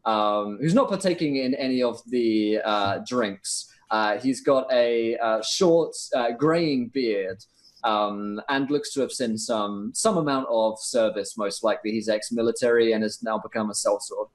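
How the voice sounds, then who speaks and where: A man's voice: fairly low pitch, a little slow. A man with an English accent narrating as game master, full of ums and asides. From England. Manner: rambling, filler-heavy, laughs easily.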